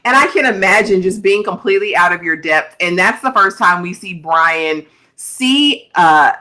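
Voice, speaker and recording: Animated woman co-hosting a TV recap. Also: lowish voice, moderate pace. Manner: animated and exclamatory, acts out characters' lines. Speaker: TV review show co-host. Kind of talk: casual TV recap chat.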